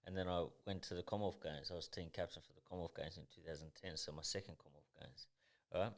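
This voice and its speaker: Low-pitched with vocal fry and fairly even intonation, he talks fast. A thirty-something professional boxer from Tasmania, he shares casual podcast stories as a guest, blunt and intense and full of profanity.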